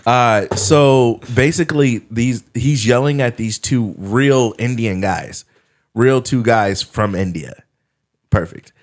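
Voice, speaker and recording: A young man co-hosting a casual podcast, telling a story and acting out the people in it with lots of laughter. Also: slow pace. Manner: animated, acts out quoted people in a high yelling voice, laughs often. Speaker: podcast co-host.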